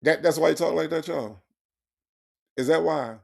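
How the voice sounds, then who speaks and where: A man's voice: a little high, normal speed, gravelly. A man hosting a true-crime comedy podcast, delivering sarcastic, profane commentary and repeating his points for effect. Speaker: podcast host.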